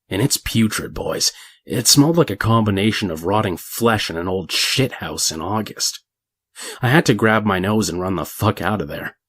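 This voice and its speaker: A man's voice: fairly low pitch, no room sound. A man voicing a crude older male convict who tells a gross story with plenty of profanity. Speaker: narrator.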